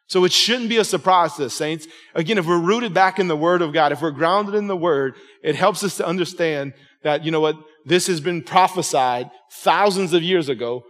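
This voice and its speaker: A pastor in his forties preaches at a moderate pace with few pauses, his slightly raised, fairly bright voice giving his words conversational emphasis. He keeps checking in with the congregation while a long church reverb trails each phrase.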